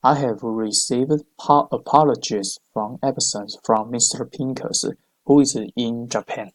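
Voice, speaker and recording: A man reads business phrases for his tutor. He speaks slowly and haltingly, filling gaps with many uhs, and his voice sits at a middle pitch. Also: poor audio. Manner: hesitant, many uhs and restarts. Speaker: English student. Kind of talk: reading practice phrases aloud.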